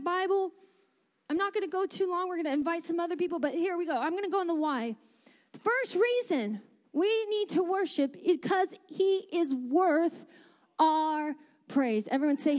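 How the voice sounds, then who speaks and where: A woman's voice: very high-pitched, normal speed, big-room sound, soft background music. A woman pastor preaching a sermon in a church and calling out for responses from the congregation. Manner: passionate preaching with call-and-response. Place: church sanctuary.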